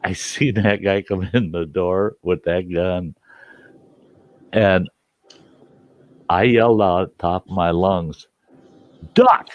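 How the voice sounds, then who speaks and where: A man hosting a storytelling show, telling a tale in a folksy, animated way with salty language, on a dull, dry recording. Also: low voice, slow, long pauses, dry recording. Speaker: storyteller host. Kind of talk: casual spoken storytelling.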